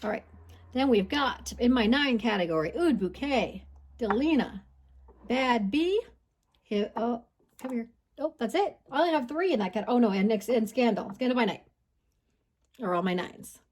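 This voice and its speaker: A woman's voice: on the high side, expressive, moderate pace, long pauses, a little mellow. A woman perfume vlogger from the United States, talking casually and a little out of breath while holding a phone gimbal at home. She stumbles over names and corrects herself as she goes. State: a bit out of breath. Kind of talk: casual vlog ranking. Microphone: handheld phone gimbal.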